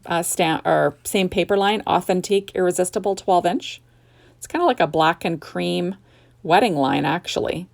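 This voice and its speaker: A middle-aged woman chatting casually through a card-making tutorial in her home craft room, unhurried and full of fillers and restarts. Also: fairly low pitch, gravelly.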